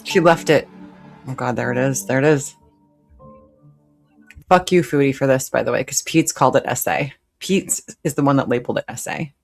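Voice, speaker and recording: A woman's voice: extremely low pitch, moderate pace, vocal fry, long pauses, faint music behind. A woman hosting a live reaction stream, commenting bluntly and sarcastically. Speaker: reaction host.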